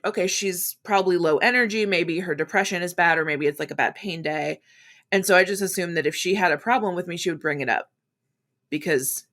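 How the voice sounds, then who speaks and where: Bright-voiced woman hosting a frank podcast. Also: lowish voice. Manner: frank and chatty, with casual swearing; acts out quoted voices in quick asides. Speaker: podcast host. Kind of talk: candid solo podcast monologue.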